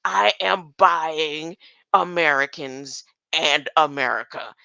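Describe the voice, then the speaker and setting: A woman's voice: low voice, takes it slowly, vocal fry, sharp tone, no room sound, dull audio. An older woman talking in a rambling monologue, often stopping to ask "huh?" and chuckling between thoughts. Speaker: online commentator.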